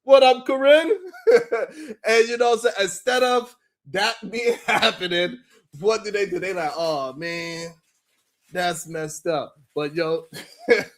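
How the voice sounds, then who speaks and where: A man with a high voice hosts a live stream at an easy, drawn-out pace. He talks in a loose, slangy and mocking way, laughing often and calling out viewers in the chat by name. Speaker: live-stream show host. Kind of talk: casual live-stream commentary.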